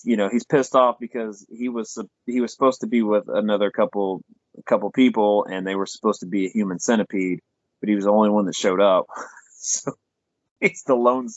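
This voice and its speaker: Low-voiced man recapping a film casually. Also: no echo. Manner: rambling retelling with acted-out quotes, swears freely. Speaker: podcast co-host. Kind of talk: casual film review chat. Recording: dull lo-fi dry podcast sound.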